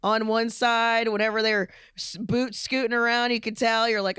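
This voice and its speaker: High, smooth-voiced woman podcaster. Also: moderate pace, dry recording, clean studio sound. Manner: profane, animated storyteller. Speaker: podcast co-host. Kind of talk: casual chat.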